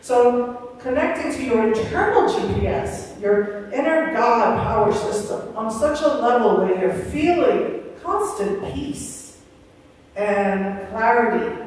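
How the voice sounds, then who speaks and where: Recorded from far away in the echoey, large hall of a spiritual center, with slight background noise, an older woman speaks in a fairly high, slightly mellow voice. As the Sunday guest speaker, she gives a chatty, meandering spiritual talk, frequently performing the voices of people she quotes.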